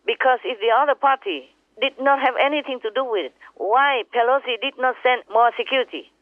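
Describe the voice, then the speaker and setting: A woman's voice: high-pitched, brisk, dry recording. A woman spiritual teacher on a phone call with her disciples, speaking in an impassioned, emphatic way and repeating her points. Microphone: telephone. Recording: tinny phone line.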